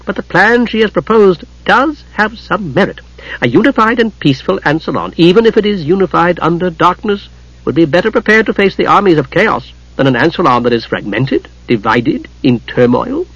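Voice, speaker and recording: Gillian, a man doing a gentle higher-pitched god. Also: lively intonation, moderate pace, breathy edge, no room sound, full character voice. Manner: gentle and mollifying, raised pitch. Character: gloomy, mild-mannered male god and chronicler. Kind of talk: audiobook character reading. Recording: muffled lo-fi recording.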